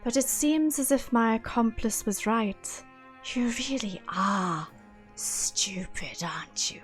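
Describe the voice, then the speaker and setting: A woman voicing a cold, sinister young priestess in a tabletop game, speaking quietly with contempt. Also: fairly high pitch, slow pace, faint music behind. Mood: menacing. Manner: quiet, contemptuous, half-whispered.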